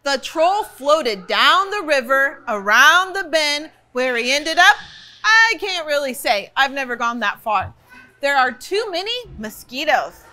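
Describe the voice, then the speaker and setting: Librarian reading aloud to kids, high bright lively voice, unhurried. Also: female voice, soft background music. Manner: playful, expressive, chatty asides. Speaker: library storytime reader. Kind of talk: reading a picture book aloud.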